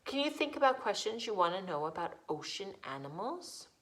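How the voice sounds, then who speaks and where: A woman's voice: medium pitch, big pitch swings, brisk, fairly bright tone. A woman teacher leading young children through a movement lesson, encouraging and sing-song. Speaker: preschool teacher. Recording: echoey room.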